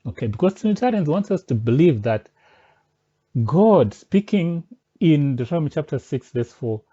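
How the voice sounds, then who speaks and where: A man's voice: fairly high pitch, big pitch swings, moderate pace, mellow. A man making an insistent, step-by-step spoken rebuttal of a pastor's teaching. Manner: argumentative and insistent, presses points step by step. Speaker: religious commentator. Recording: dull lo-fi recording.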